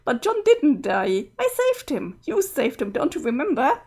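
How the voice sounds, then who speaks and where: A guilty, exasperated young woman apologizes, coaxes and pleads, as a woman voices her while reading a webcomic aloud. The voice is high and lively, and it turns impatient when the pleading gets nowhere. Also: unhurried, heavily acted. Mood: coaxing.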